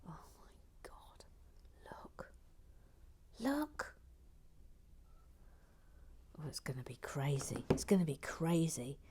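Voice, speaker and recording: A woman hosting a live building stream, chatting casually in a soft, often half-whispered voice as she reads out viewer comments. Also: deep voice, sing-song, slow, long pauses.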